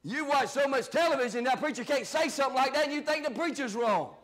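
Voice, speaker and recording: Preaching a fiery sermon from the pulpit, a pastor speaks fast in a voice that sits very high for a man. He shouts his main points, then drops to low, muttered asides in between.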